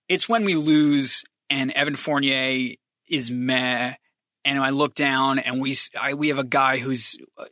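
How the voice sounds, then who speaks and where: A basketball fan commentator delivering an impassioned, profane sports opinion rant, swinging between loud rapid-fire complaints and quieter rambling musings. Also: medium pitch, no echo, studio quality.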